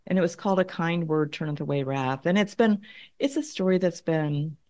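A middle-aged woman with a notably low-pitched voice, speaking as an interview guest. She tells her story thoughtfully, repeating words as she finds her way through each point. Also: expressive, moderate pace, darkish tone. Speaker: conflict consultant and guest.

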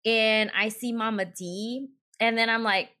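A woman's voice: fairly high pitch, fairly even intonation, a little slow, sharp tone. A woman hosting a podcast, talking in a reflective, candid way as she sets up a question. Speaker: podcast host. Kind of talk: podcast interview.

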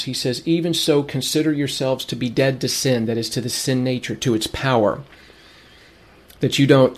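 Earnest male preacher delivering a sermon. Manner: earnest, repeats phrases for emphasis, rises in pitch when urging; asks rhetorical questions and answers them.

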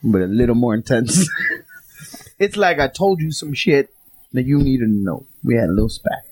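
A man's voice: mid-range voice, lively intonation, normal speed, a little mellow, breathy edge, no echo. A man co-hosting a podcast, joking and swearing in casual banter. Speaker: podcast co-host.

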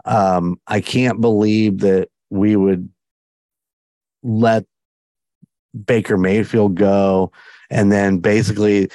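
A man's voice: on the low side, level tone, slow pace, long pauses, dark tone, no room sound. A man hosting a podcast in casual chat, enthusiastic and rambling. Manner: enthusiastic, rambling, many restarts. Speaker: podcast host.

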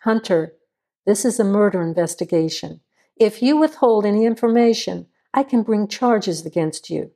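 Woman voicing a firm male sheriff, low mellow tone, pressing questions. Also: animated, normal speed. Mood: stern. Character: stern male small-town sheriff questioning a suspect.

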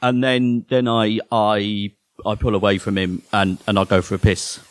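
A man performing a first-person horror story live on a theatre stage, halting and often repeating his words. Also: fairly low pitch, little pitch movement, dry recording.

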